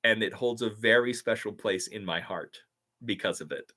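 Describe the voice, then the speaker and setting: A man's voice: lowish voice, normal speed, sharp tone. A man running a live stream Q&A, answering chat in an enthusiastic, rambling way full of fillers. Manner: enthusiastic, rambling fan talk with many fillers.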